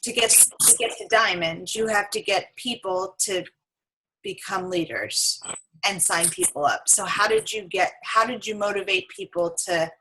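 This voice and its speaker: A woman's voice: medium pitch, unhurried, bright, forceful tone, a little hiss or hum, low-quality recording. A woman on a casual team video call, asking questions with stumbling restarts. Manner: curious, laughing, stumbling restarts.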